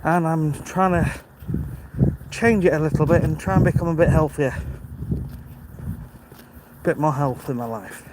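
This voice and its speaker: A man's voice: on the high side, unhurried, pauses often. A British man in his fifties chatting casually on a live stream while walking outdoors, a little out of breath, greeting viewers and answering their questions. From United Kingdom. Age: 50s. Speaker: livestream host. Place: outdoors on a rural walk. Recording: outdoor ambience with audible wind and noise.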